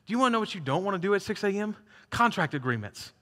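Animated high-voiced male preacher. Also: fast talker. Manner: animated, conversational preaching with acted-out asides. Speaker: pastor. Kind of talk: sermon. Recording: long hall reverb.

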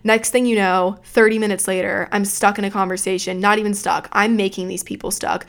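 A woman's voice: mid-range voice, little pitch movement, brisk, creaky, a bit bright. A young adult woman hosting a podcast, telling a story in a rambling, profane, self-mocking way from a room at home. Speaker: podcast host. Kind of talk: casual storytelling.

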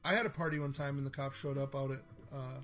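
A man's voice: mid-range voice, steady tone, quick pace, fairly bright tone. A man from North Dakota hosting a podcast, talking in rambling casual chat with a lot of swearing. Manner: rambling, profane, chuckling. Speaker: podcast host.

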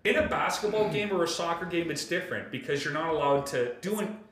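A man's voice: a little high, quick pace, reverberant. A man hosting a podcast, ranting in casual chat with lots of swearing. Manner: animated, profane ranting. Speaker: podcast host.

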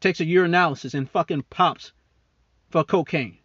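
A man's voice: on the high side, moderate pace, fairly bright tone, husky, dry recording, lo-fi sound. A man hosting a podcast, ranting angrily about politics with heavy profanity and mocking asides; he talks as a serving military member. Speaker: podcast host. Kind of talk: angry political rant.

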